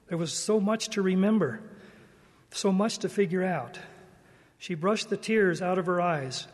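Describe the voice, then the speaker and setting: A man giving a devotional church talk in a slow, earnest, measured way. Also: high-pitched, big-room sound. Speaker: church speaker.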